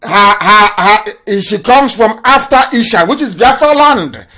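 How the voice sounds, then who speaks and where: A man hosts a live call-in broadcast in a defiant, boastful way and drives his points home with emphasis. His voice sits fairly high for a man. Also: expressive, measured pace, sharp tone. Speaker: call-in show host.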